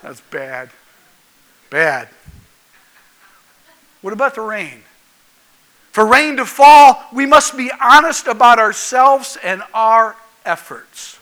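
High-voiced preacher guy, folksy sermon, keeps asking the crowd stuff. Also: animated, slow, long pauses, sharp tone, poor audio. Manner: folksy, jokey, asks the crowd questions. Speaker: pastor.

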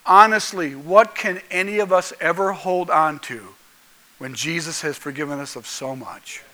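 A man's voice: fairly high pitch, moderate pace, sharp tone, poor audio. A male pastor preaching a folksy, jokey sermon that keeps asking the congregation questions.

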